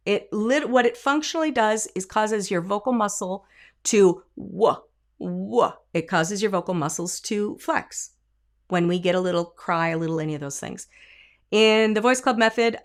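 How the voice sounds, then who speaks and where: A middle-aged woman vocal coach teaching a singing lesson, with emphatic explanations and short sung demonstrations. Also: medium pitch. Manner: lively, emphatic teaching with sung and spoken examples.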